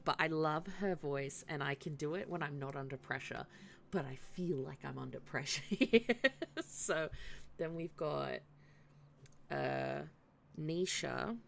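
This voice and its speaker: Woman, gaming streamer, casual chat, self-deprecating, slow, gravelly low voice. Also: slight background noise. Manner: chatty, self-deprecating, thinking aloud. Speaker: live-streamer.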